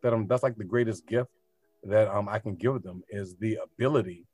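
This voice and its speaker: A man's voice: lowish voice, fairly quick, darkish tone, slightly rough, dry recording, studio quality, faint music behind. A man who teaches art, talking casually and animatedly, often asking rhetorical questions. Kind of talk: casual podcast conversation.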